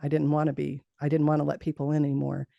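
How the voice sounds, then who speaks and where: Middle-aged woman, interview guest, earnest storyteller, gravelly voice, dry close recording. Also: low-pitched, completely flat delivery, fast talker, no echo, highs cut off. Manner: earnest, laughs often, repeats words as she talks.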